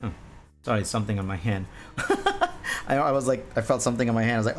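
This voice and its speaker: A man's voice: medium pitch, fast, faint music behind. A man chatting casually on a live art stream, laughing often and repeating himself. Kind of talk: casual live-stream chat while drawing.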